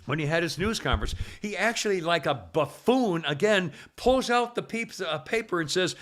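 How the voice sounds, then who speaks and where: A man's voice: high voice, lively intonation, normal speed, few pauses, fairly bright tone. A rambling talk radio host, a man with a slightly raised voice. He drifts between sponsor plugs and sarcastic political gripes, leaning into mocking mimicry. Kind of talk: casual talk radio chat.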